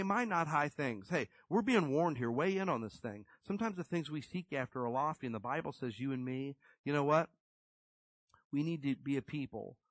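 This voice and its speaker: A man's voice: medium pitch, no echo, low-quality recording. A middle-aged man preaching a sermon in a conversational, emphatic storytelling way.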